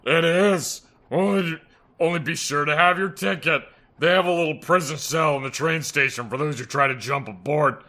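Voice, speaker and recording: A man's voice: on the high side, normal speed, sharp tone. A man voicing a chatty, proud steam-carriage driver in a game playthrough, rambling on about his father. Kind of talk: voicing a game character for friends.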